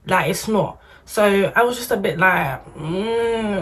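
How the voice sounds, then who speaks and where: A woman giving chatty, opinionated football commentary to camera, animated and full of slang. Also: medium pitch, slow, slightly rough. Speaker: football vlogger.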